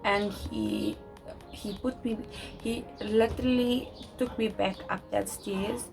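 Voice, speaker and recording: A young woman telling a personal story to camera, talking loud and fast with many restarts. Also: medium pitch, steady tone, gravelly, music in the background, low-quality recording. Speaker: vlogger.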